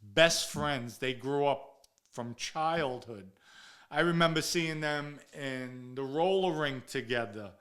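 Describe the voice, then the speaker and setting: A man's voice: mid-range voice, slow pace, a bit bright. A man, telling stories from his own past in a blunt, profane, casual way and acting out the dialogue. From New York area. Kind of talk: casual first-person storytelling.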